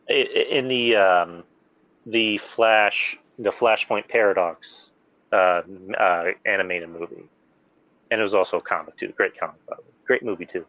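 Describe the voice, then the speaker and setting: A man with a fairly low voice hosts a laid-back podcast. He rambles eagerly through plot recaps, piling on fillers. The sound is dry and a bit muffled. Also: no room sound. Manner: rambling, animated fan recounting plots with many fillers. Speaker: podcast host. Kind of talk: casual chat.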